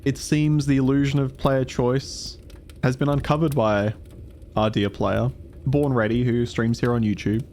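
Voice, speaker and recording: A man doing a mock-formal male documentary narrator, speaking in a dry, slow, formal way. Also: medium pitch, flat delivery, a little mellow, a little hiss or hum, natural voice. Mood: wry.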